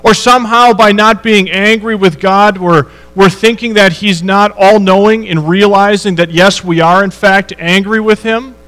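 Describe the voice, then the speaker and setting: A man's voice: sits high, steady tone, moderate pace, few pauses, a bit bright, low-quality recording. A man preaching a sermon in a church, reading scripture and asking the congregation rhetorical questions in a conversational way. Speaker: pastor.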